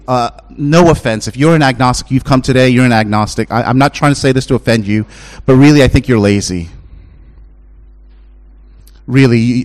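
In his sermon, a middle-aged chaplain trades impassioned, high-pitched pleading for low, hushed storytelling and back again.

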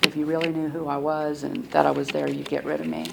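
A middle-aged woman sharing her recovery story at a meeting, soft-spoken and halting, often restarting her sentences. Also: deep voice, flat delivery. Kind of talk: personal recovery testimony. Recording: clear background noise and clicks.

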